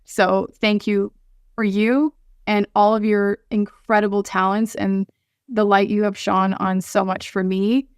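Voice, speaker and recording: A woman's voice: medium pitch, little pitch movement, measured pace, clean tone, no room sound, studio quality. A woman guest on a podcast, speaking earnestly and from the heart, often restarting her sentences.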